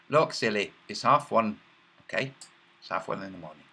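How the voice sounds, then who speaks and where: A man's voice: fairly low pitch, animated, normal speed, bright, forceful tone. A man hosting a casual livestream, reading chat messages aloud in a rambling, mocking way with many filler sounds.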